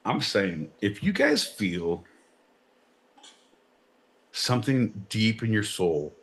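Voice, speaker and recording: A man's voice: lowish voice, sing-song, slow, husky. A man co-hosting a podcast, swearing and riffing sarcastically in casual banter. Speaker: podcast co-host.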